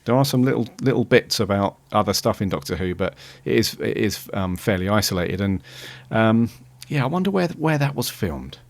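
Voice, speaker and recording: A man with a very deep voice co-hosts a podcast in casual conversation. He pauses on frequent "um"s as he works out his thoughts. The recording is dry and close, with no room sound. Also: expressive, vocal fry, no echo. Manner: hesitant, many "um"s while thinking aloud. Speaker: podcast co-host. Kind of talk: casual chat reviewing an episode.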